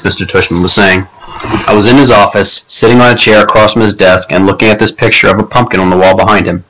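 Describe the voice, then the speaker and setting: A man narrating an audiobook in a measured, unhurried storytelling manner. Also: sits low, fairly even intonation, bright, forceful tone, rough recording.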